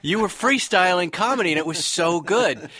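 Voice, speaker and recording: A man's voice: sits high, lively intonation, normal speed, sharp tone, slight background noise. A man hosting a podcast, chatting with enthusiasm and asking his guest questions. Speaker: podcast host. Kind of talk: casual interview.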